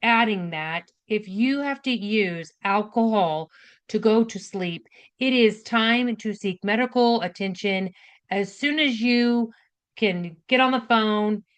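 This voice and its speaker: A woman's voice: medium pitch, clear, resonant tone. A woman nurse giving a casual spoken health lesson, direct and chatty, often checking in with "right?" and "okay?". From United States. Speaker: nurse educator hosting a health class.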